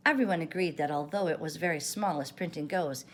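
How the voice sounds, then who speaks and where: An older woman, a grandmother, reading a children's storybook aloud with gentle, expressive delivery. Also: low-pitched, brisk, a little hiss or hum. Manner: gentle expressive read-aloud, varied intonation.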